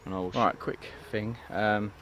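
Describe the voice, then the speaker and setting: A low-pitched man talks casually as he walks around his allotment, drifting from one thing to the next with plenty of ums and "you know what I mean." He is recorded outdoors, with a faint hiss of open air behind him. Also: steady tone, measured pace, fairly bright tone. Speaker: allotment vlogger. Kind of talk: casual walk-and-talk vlog.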